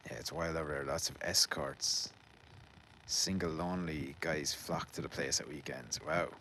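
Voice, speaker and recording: A man's voice: very deep voice, fairly even intonation, normal speed, bright, forceful tone, a little hiss or hum, rough recording. An Irish man vlogging outdoors in a garden, telling a loose, sweary anecdote in a casual rambling way, laughing and fumbling over names. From Ireland.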